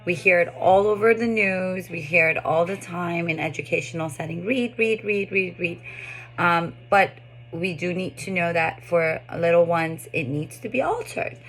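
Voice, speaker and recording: A woman in her thirties, a speech pathologist, calmly explaining to parents how to read books to toddlers. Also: fairly low pitch, normal speed, soft background music. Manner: calm explanatory talk with bursts of lively read-aloud demonstration. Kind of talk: explaining tips to parents and therapists.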